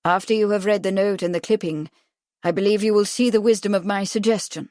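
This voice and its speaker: A woman voicing an agitated, pompous young gentleman who talks in an insistent, commanding way. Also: medium pitch, steady tone, fairly quick, no echo, clean studio sound, natural voice. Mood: persuasive.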